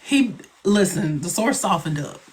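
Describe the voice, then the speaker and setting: A woman's voice: on the low side, animated, measured pace, a crowd in the background. A woman hosting a live stream, chatting casually and dramatically, often acting out quoted lines. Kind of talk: casual chat. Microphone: phone or computer mic on a live stream.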